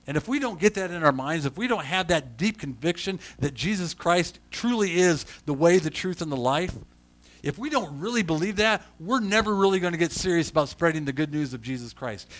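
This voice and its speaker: A man preaching a sermon as a pastor. He swings from quiet storytelling to loud emphasis and often repeats words when he restarts. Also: on the high side, lively intonation, fairly quick.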